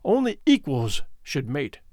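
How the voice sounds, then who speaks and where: Guy doing a lofty romantic young man, earnest, fairly high voice, dry storybook read. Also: wildly swooping pitch, a little slow, a little mellow, dry recording, exaggerated voice. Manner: earnest, impassioned.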